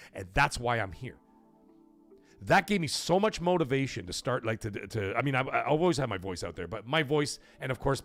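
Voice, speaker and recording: A man's voice: medium pitch, fairly bright tone. A man hosting a gaming livestream, talking to chat in an emphatic, blunt way with swearing. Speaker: gaming show host.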